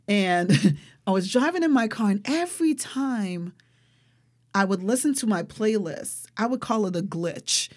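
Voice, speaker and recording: A young adult woman speaking as an interview guest, telling a personal story in an animated, expressive way and often saying "like". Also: mid-range voice. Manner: animated, expressive, frequent fillers like "like".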